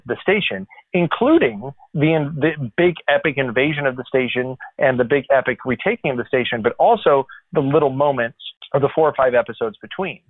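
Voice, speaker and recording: A man's voice: mid-range voice, dry recording. A man hosting a podcast from home in casual chat, enthusiastic and rambling, full of restarts. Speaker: podcast host. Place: corner of his house. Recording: tinny phone-like line.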